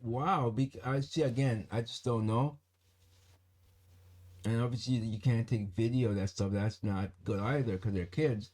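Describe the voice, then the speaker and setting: A man hosting his own channel, reading a news article aloud and stopping often to add skeptical comments of his own, in a halting, deliberate way. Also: medium pitch, steady tone, darkish tone. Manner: reads aloud with skeptical asides. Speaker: channel host.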